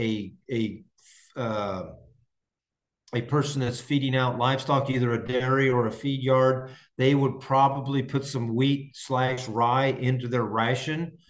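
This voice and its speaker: His mid-range voice is fairly even in intonation and a little slow. He's a farmer from Indiana, United States hosting a farming podcast, where he answers listener questions in casual, enthusiastic live-stream chat, rambling and restarting frequently.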